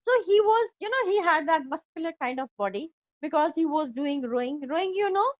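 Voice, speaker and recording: A woman's voice: very high voice, expressive, fairly quick, dry recording, highs cut off. A woman teaching an English class, explaining a story line by line with an Indian English accent and checking often that her students have understood.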